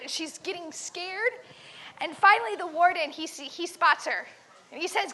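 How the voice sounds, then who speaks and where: Camp teacher, woman, lively storyteller for kids; very high and bright. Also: normal speed. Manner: animated, dramatic, quizzes the listeners. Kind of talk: storytelling to children.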